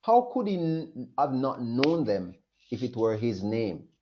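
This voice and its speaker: A man's voice: medium pitch, very animated, a little slow, a little hiss or hum. A man preaching a sermon, emphatic and repetitive, often acting out the questions of others. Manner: emphatic, repeats phrases, voices questions of others. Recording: dull lo-fi recording.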